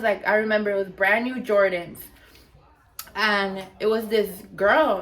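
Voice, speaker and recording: A young woman with a slightly high voice tells a storytime. She keeps it casual and chatty, with lots of filler words and casual swearing. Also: a bit bright. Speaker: vlogger.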